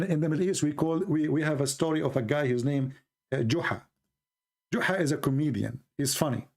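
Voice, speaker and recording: A man's voice: a little high, vocal fry. A man giving argumentative commentary, telling a folk tale and mocking his opponents as he acts out their voices.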